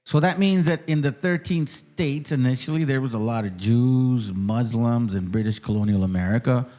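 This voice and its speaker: A man hosting his own channel, ranting in casual commentary, profane and mocking, sometimes reading a document aloud slowly. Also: medium pitch, mellow. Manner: reads aloud slowly, then speeds up. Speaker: channel host.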